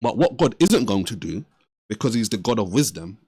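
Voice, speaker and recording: A man's voice: lowish voice, sing-song, fairly quick, a little mellow, slightly rough, no echo. A man hosting a reaction video, giving earnest, preacher-like commentary and asking and answering his own questions. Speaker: reaction channel host.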